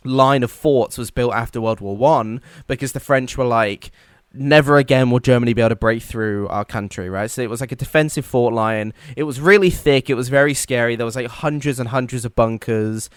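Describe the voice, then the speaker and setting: Male podcast co-host, jokey storyteller, smooth resonant voice, dry recording. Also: mid-range voice, brisk, no room sound. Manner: jokey storytelling, acts out silly quoted voices. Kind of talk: casual comedic history chat.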